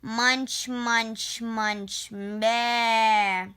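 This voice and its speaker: A woman voicing a flock of placid grazing sheep in a storybook, chewing slowly and bleating flatly. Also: a little high, clean tone, exaggerated voice. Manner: flat, slow chewing sounds and bleats.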